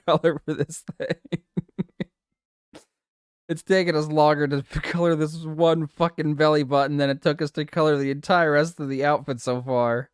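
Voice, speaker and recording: A man's voice: on the high side, clean tone, no room sound, studio quality. A man streaming live, chatting casually with his viewers, giggling a lot and swearing playfully.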